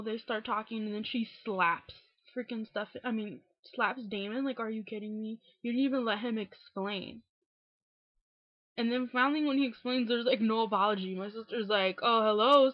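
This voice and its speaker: A woman's voice: mid-range voice, breathy edge, no echo. A woman recapping a TV episode in a casual vlog, frank and exasperated, swearing freely and filling with "like" and "um". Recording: dull, dry home recording.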